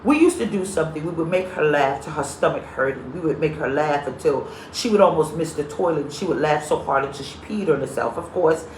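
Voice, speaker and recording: Deep-voiced and fairly quick, with few pauses, a woman pastor preaches a live-streamed sermon full of humorous stories. She's lively and comedic, greeting viewers by name, and the echoey room carries slight background noise.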